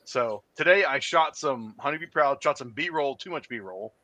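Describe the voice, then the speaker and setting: A man hosting a podcast, telling stories in a profane, animated way. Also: medium pitch, moderate pace, no echo. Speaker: podcast host. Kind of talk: casual podcast banter.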